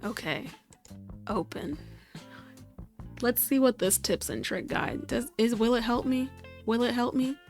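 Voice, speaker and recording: A woman's voice: fairly high pitch, animated, unhurried, long pauses, faint music behind. A woman streaming a game and chatting casually, rambling and amused with herself. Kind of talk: casual gaming stream chat.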